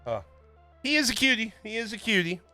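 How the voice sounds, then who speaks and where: A male stream host rambles and jokes with his viewers in a loose, casual way. His voice sits high and sounds bright and forward. Faint music plays underneath. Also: animated, brisk. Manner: rambling, jokey, chatting with viewers. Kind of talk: casual livestream chat.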